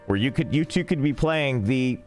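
A young man casually streaming a game, rambling and joking in deadpan asides. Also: medium pitch, moderate pace. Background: faint game music.

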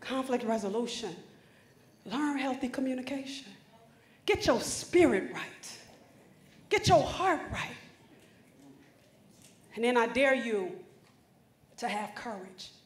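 A woman's voice: on the high side, animated, takes it slowly, pauses often. A woman giving an emphatic, preacherly motivational speech, talking directly to students. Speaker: motivational speaker. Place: conference hall stage. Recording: echoey hall.

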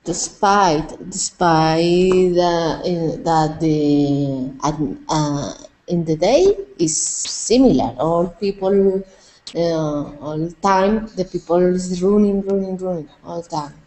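Slow, halting Colombian woman learning English. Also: lowish voice, warm tone, low-quality recording. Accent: Colombian Spanish. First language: Spanish. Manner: hesitant, halting, searching for words. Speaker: English student. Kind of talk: conversation practice.

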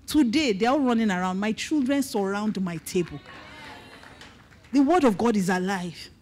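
A middle-aged Nigerian woman pastor giving an animated testimony sermon, mixing in Pidgin asides as she tells her story. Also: mid-range voice, normal speed.

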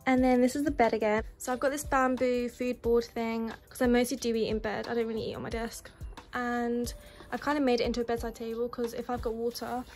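A woman's voice: fairly high pitch, little pitch movement, brisk, a little mellow. A young woman casually narrating a tour of her university bedroom, chatty and listing things one after another. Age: young adult. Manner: chatty, listing items as she goes. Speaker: vlogger giving a room tour. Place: student bedroom in university housing. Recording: music playing under the voice.

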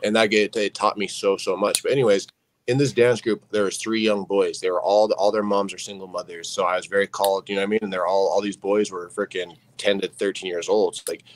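A young man with a very low voice tells a personal story on a podcast, and he talks quickly. His delivery is earnest and candid, full of fillers and restarts that keep pulling the listener in. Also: flat delivery, low-quality recording. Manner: earnest, heavy on fillers like "you know what I mean". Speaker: podcast guest.

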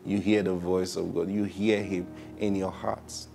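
Gravelly low-voiced male preacher. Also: flat delivery. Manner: laughs often, repeats "Praise God", asks rhetorical questions; swings from loud bursts to hushed, drawn-out phrases. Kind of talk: sermon.

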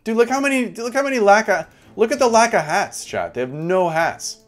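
A man's voice: high voice, fairly quick, soft background music. A young man giving chatty live game commentary, talking to his chat as he plays. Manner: chatty, animated, talks to chat. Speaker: streamer.

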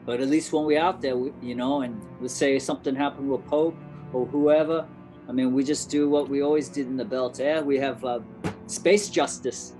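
A man's voice: mid-range voice, fairly even intonation, moderate pace, music in the background, low-quality recording. A man playing in a tabletop game, bantering in a laid-back way. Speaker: player.

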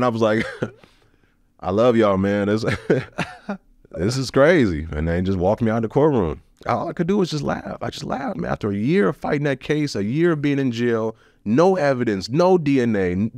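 A man's voice: sits low, darkish tone, dry recording, clean studio sound. A man telling his own story as a podcast guest, blunt and profane, with emotional swings. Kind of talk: candid personal storytelling.

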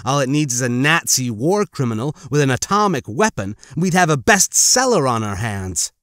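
Reading at a normal speed, a man with a mid-range voice narrates an audiobook from a script in a steady, level storytelling manner. The recording is dry and of studio quality.

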